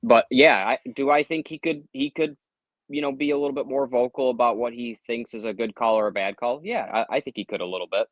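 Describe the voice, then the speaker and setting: A man talking sports on a call-in show, measured and hedging with lots of fillers. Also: medium pitch, dry recording, muffled recording. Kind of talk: casual sports talk.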